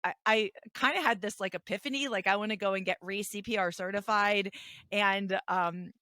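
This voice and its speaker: A woman co-hosting a casual podcast chat, telling a story in an animated, chatty way with lots of restarts. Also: medium pitch, normal speed, no room sound. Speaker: podcast co-host.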